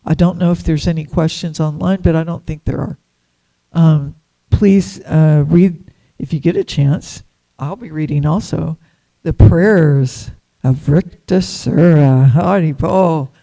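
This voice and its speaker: A woman's voice: low voice, measured pace, vocal fry, mellow. A woman giving a devotional class at a temple, chatty and storytelling, laughing often.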